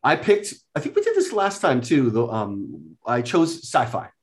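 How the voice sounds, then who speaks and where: A man guest explaining things methodically in a casual conversation, often stopping on "um" and "okay". His voice sits at an ordinary pitch for a man. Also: huge pitch swings, normal speed. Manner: explains methodically, with many hesitations and "um"s. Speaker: guest, card deck inventor.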